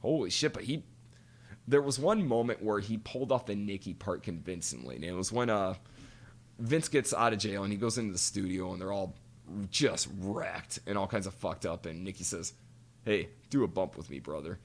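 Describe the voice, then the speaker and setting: With a fairly low pitch and normal pace, a man co-hosts a podcast in animated, casual conversation. His stories come with quoted voices, and he curses without holding back.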